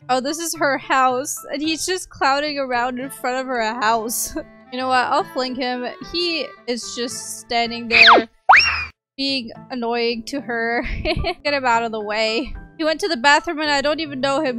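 Young woman gamer chatting fast n giggling over her game, pretty high voice, little bit of music playing underneath. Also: fairly bright tone. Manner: giggly, laughs often between lines; quick, chatty delivery. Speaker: gaming YouTuber. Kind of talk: playful gameplay commentary. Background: faint background music.

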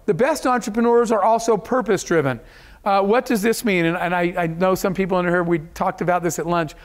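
A man's voice: high voice, fairly even intonation, a little fast. A man giving a motivational keynote speech to an audience, telling stories in an earnest, emotional way. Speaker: keynote speaker. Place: event hall.

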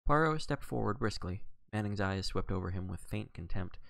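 A man's voice: on the low side, animated, moderate pace, creaky, hardly any pauses, fairly bright tone, no room sound. A man reading a classic mystery novel aloud on a livestream, narrating expressively. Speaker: audiobook reader on a livestream.

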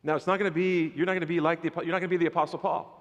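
High-voiced animated male pastor. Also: very fast, in a large hall, lo-fi sound. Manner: animated, conversational preaching with playful asides. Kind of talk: sermon. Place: church sanctuary.

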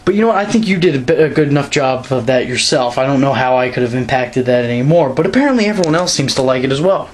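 A man's voice: fast talker, few pauses, slight background noise. Scornful man ranting into camera. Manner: scornful, mocking, pitch jumps up for emphasis. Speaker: wrestling vlogger. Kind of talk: direct-to-camera rant. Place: quiet room at night. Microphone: camera mic.

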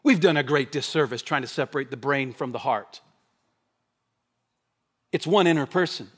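A male pastor preaching a sermon, building through emphatic repeated rhetorical questions and dropping into low, quiet stretches to make his points. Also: normal speed. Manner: shifts between loud proclaiming and low quiet stretches.

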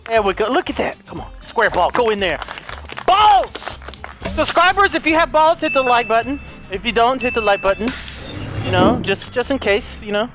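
A man's voice: high voice, brisk, over music. A man giving hyper, jokey playthrough commentary as a gaming YouTuber, breaking into squealing outbursts.

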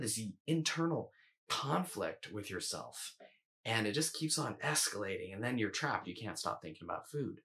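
A man coaching viewers in a calm, measured instructional talk, sometimes restarting his phrasing. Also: lowish voice. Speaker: eating coach.

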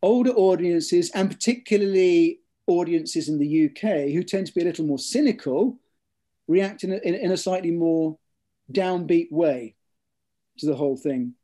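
A man, an author, answering interview questions in a measured, storytelling way, with frequent ums and repeated words. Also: a little high, dark tone. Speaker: author interviewed about his books. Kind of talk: thoughtful interview conversation.

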